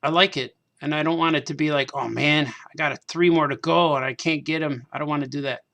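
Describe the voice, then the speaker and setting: Man, slightly high gravelly voice, loose rambling chat while crafting, self-deprecating. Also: fairly even intonation, brisk, a bit bright. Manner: meandering, self-deprecating, repeats himself. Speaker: cartoonist hosting a craft stream. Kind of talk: casual rambling monologue while painting figures.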